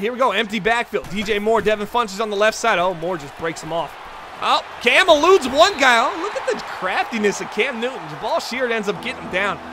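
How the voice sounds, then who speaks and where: A man hosting a football video game livestream, calling the plays in excitable play-by-play and chatting to viewers. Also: high voice, background noise. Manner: excitable, chatty, talks straight to the chat viewers. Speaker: livestream host and commentator.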